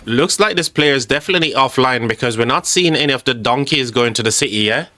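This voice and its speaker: A man's voice: mid-range voice, animated, fast talker, sharp tone. A man hosting a live game stream, chatty and joking with his chat, calling people mate. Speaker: livestream host. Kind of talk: casual live game commentary. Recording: faint music behind the voice.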